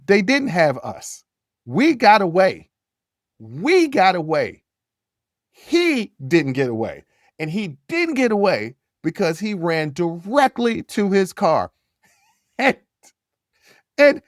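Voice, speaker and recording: A man hosts a podcast and tells a story in a loose, casual way. His voice sits a little high and turns animated, repeating himself as he builds the tale. The sound is dry and close, with no room around it. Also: no echo. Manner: animated, repeats phrases, jumps to high yells when quoting. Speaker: podcast host.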